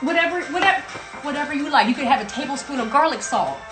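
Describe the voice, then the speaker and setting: A woman's voice: high voice, animated, fast, roomy sound, over music. A woman from South Carolina with a Southern accent, hosting a playful, chatty livestream show from her home. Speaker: host. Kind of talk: casual livestream chat. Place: home in Brooklyn.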